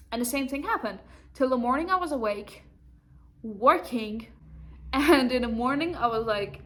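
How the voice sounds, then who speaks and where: A woman's voice: on the high side, expressive, normal speed, a bit bright. A young adult woman vlogging at home, telling a personal story to the camera and acting out the things people said in a raised voice. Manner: acts out quoted dialogue in a raised voice.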